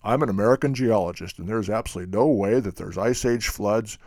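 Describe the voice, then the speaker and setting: A smug, dismissive male geologist who brushes every idea aside in a low, rapid, scoffing voice, as a man mimics him. The sound is dry and close. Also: a little mellow, no room sound, lightly acted.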